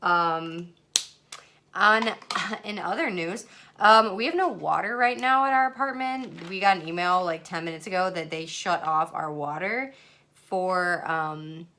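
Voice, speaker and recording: A woman's voice: fairly low pitch, measured pace, sharp tone. A woman in her twenties chatting casually in a reading vlog at home, swearing freely and now and then dropping to a whisper. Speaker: book vlogger. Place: at home, in bed and in a messy room.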